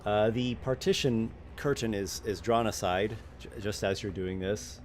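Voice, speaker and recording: Low voiced guy running the game, describing scenes, lots of ums, faint hiss behind. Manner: halting, descriptive narration with many fillers. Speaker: game master. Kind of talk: narrating a tabletop game.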